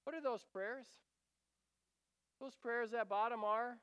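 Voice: medium pitch, takes it slowly, pauses often, fairly bright tone, clear, resonant tone, no echo, highs cut off. A preacher giving an earnest sermon, reading scripture aloud and breaking off for casual asides and repeated phrases.

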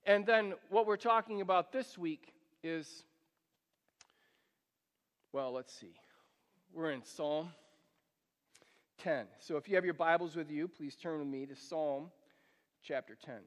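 Pastor guy preaching, kinda high voice, big echoey church sound. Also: takes it slowly, pauses often. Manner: earnest preaching, pleads with the congregation. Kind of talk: sermon. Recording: long hall reverb.

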